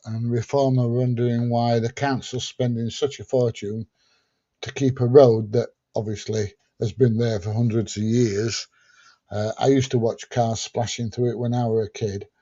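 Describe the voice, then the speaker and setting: A man with a mid-range, dark-toned voice hosts a casual livestream, plainly answering viewer questions he reads from the chat. The audio sounds dull.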